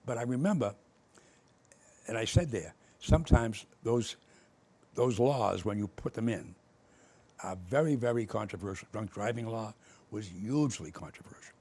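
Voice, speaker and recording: An older man, his voice gravelly and a little husky, recounting political stories from decades ago. He talks in a relaxed, conversational way and jumps into the voices of the people in his tales. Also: lowish voice, normal speed, long pauses. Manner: animated storyteller acting out both sides of old arguments. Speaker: former state official telling stories. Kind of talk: casual conversation.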